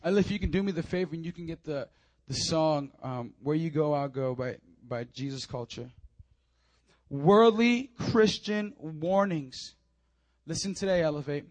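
A young man preaching a sermon in a church, swinging between loud urging and low confiding asides. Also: a little fast, no echo. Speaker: pastor. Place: church sanctuary.

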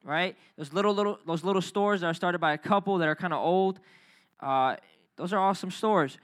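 A man preaching as youth director, energetic and calling on the crowd to repeat phrases. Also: sits high, a little fast. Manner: energetic, calls for crowd responses. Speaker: youth pastor. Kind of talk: youth sermon. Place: church youth service.

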